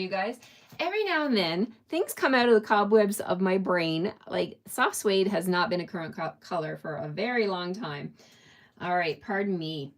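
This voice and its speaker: A woman teaching a live online papercraft class, chatting through each step and checking in with her viewers. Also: lowish voice. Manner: chatty, encouraging, laughs at her own slips; checks in often with "okay?". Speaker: papercraft instructor.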